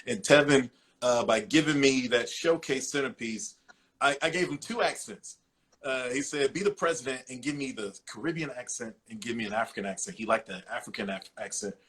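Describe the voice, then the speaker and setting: A man's voice: medium pitch, brisk, fairly bright tone. A man hosting his show, thanking a guest and reading an emphatic commentary segment. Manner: earnest, emphatic, a bit rambling. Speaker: podcast host. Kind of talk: casual show wrap-up and commentary.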